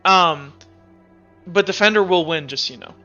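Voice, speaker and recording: A man's voice: sits high, moderate pace, sharp tone, lo-fi sound, soft background music. A man narrating as game master of a tabletop game, rambling with lots of fillers. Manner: rambling, filler-heavy narration with frequent restarts.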